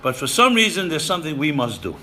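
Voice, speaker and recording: Emphatic bright-voiced man lecturing. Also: fairly high pitch, very animated, fast, slight background noise. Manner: emphatic, repeats phrases, Yiddish and Hebrew terms. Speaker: rabbi lecturing seminary students. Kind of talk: sermon-style lecture.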